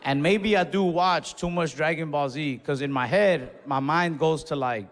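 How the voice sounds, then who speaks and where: A young man telling a stand-up story in a laid-back, swearing way, acting out his own yells. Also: on the high side, moderate pace, few pauses. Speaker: stand-up comedian. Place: comedy club stage. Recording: live stage recording in a reverberant hall.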